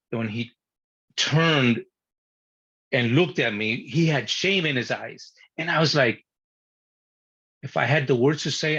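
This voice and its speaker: A man tells a story from his childhood with a husky voice and plenty of energy, acting out the moments and swearing freely. The sound is dull and lo-fi. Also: medium pitch. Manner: animated, swearing, acting out his younger self. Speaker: guest. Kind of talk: personal storytelling.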